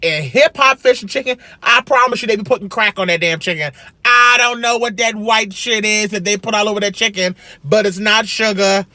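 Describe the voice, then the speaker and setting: A man chatting casually while eating, a food vlogger with an animated, sassy way of talking, recorded in a parked car. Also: high-pitched, fairly quick, few pauses, no room sound. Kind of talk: casual mukbang chat.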